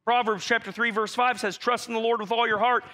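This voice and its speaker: A man's voice: very high-pitched, steady tone, fairly quick, pushed and bright. A pastor delivering a conversational sermon, speaking directly to his congregation. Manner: direct, conversational preaching addressing the church.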